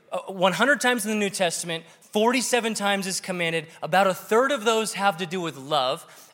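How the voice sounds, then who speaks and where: A man preaching a sermon to a congregation, animated and joking with the audience. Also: high voice. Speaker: pastor. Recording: long reverb of a large hall.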